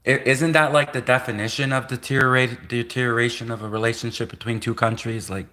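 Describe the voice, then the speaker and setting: A man with a bright, edgy voice at an average pitch, hosting a livestream. He rambles sarcastically, restarting his sentences and piling up rhetorical questions. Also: flat delivery, a little fast. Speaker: livestream host.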